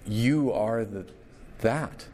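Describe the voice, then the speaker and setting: A man preaching a sermon, telling a story with lively acted-out quotes. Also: on the low side, extremely slow, slight background noise. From Canada. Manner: animated storyteller, acts out quotes. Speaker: pastor.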